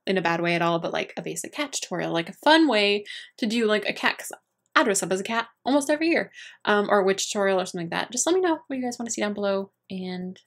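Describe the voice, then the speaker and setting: A woman's voice: medium pitch, expressive, fast. Chatty young woman beauty vlogger. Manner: chatty and gushing, many fillers and restarts. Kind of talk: casual chat to camera.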